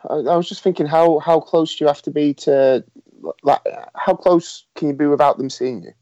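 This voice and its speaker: A man's voice: fairly high pitch, steady tone, normal speed, mellow. A man playing a tabletop game, making tentative guesses and trailing off. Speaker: player. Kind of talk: casual tabletop game chat. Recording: dull lo-fi sound.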